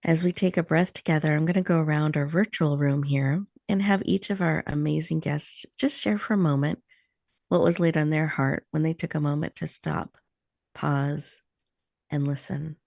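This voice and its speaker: A woman hosting a talk show who leads a slow, soothing guided meditation with encouraging words. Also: sits low, fairly even intonation, vocal fry, darkish tone, no room sound, clean studio sound.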